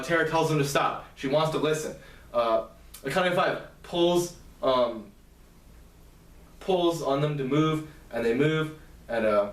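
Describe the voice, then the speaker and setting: A man's voice: fairly high pitch, a bit bright. Man, loose rambling storyteller, recorded off-mic in an echoey room. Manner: loose and rambling, frequent ums and uhs, quickly voicing characters' lines. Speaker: storyteller recapping a novel. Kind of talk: casual spoken plot summary. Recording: roomy echo, distant from mic.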